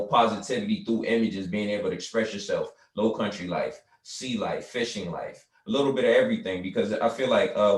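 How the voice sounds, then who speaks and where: A man with a low voice explains his cultural work in a relaxed, earnest way, leaning on "you know" as he goes. He sits back from the microphone, and the room adds a noticeable echo. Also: recorded from a distance. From South Carolina Lowcountry. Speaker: guest, artist and cultural foundation founder. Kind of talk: conversational interview.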